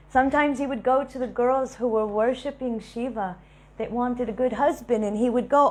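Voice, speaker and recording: A woman giving a devotional talk, telling lively stories and laughing between them. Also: fairly high pitch, measured pace. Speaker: devotional speaker.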